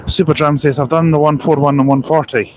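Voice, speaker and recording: A man's voice: on the high side, fairly even intonation, brisk, a little hiss or hum. A man with a sore throat chatting casually on a phone live stream outdoors by a bus station, rambling and reading out viewer comments.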